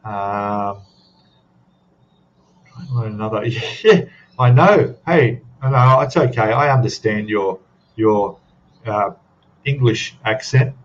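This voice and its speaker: A man's voice: on the low side, takes it slowly, pauses often, dull audio, slight background noise. Rambling Australian man on a stream. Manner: rambling, chatty, tags questions with "eh?". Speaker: live stream host. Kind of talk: casual chat to a live audience.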